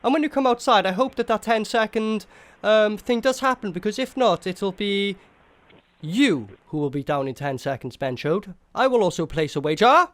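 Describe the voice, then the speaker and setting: Brief: male prank caller, high voice, mock-formal and overly polite, very animated delivery. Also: normal speed. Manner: mock-formal, exaggeratedly polite gentleman act. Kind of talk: comedic prank phone call.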